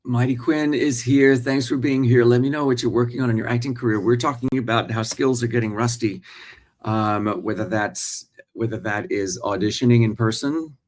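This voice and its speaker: A man's voice: medium pitch, steady tone, normal speed, a little mellow. A man in his forties, a working actor, hosting a casual live morning stream and chatting straight to his viewers. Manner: chatty, talks straight to viewers and reads their comments.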